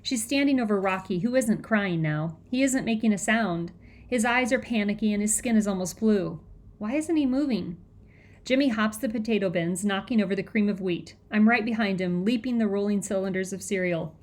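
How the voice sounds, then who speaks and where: A woman's voice: medium pitch, fairly quick. A woman narrating a children's novel in the first person, with tense, breathless storytelling. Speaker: audiobook reader.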